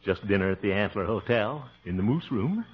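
A man's voice: on the low side, expressive, a little fast, natural voice. An actor playing a bashful, lovesick small-town young man who stammers and giggles, in 1940s radio acting. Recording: dull hissy old radio recording.

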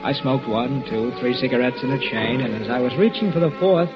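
A man's voice: mid-range voice, animated, a little fast, over music, close to an everyday voice. An actor playing an earnest, reflective man who narrates in a 1940s radio drama, on a dull old recording. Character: earnest, lovesick man narrating his memories.

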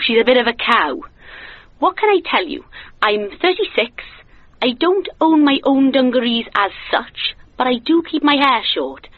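A woman's voice: high voice, dry recording. An actress in her thirties playing an eager, chatty woman leaving a phone message. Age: 30s. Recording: phone-like, dry.

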